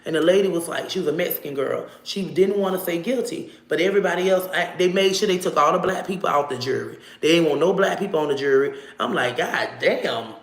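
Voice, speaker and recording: A woman telling a personal story to camera in a casual, animated way, swearing freely and acting out what people said. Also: on the low side, quick pace, hardly any pauses, reverberant. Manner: animated, profane, acts out dialogue.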